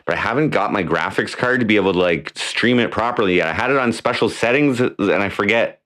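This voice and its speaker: A man's voice: on the low side, brisk, a bit bright. A man hosting a casual livestream from home, rambling and profane, with many restarts. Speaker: livestream host; mayoral candidate.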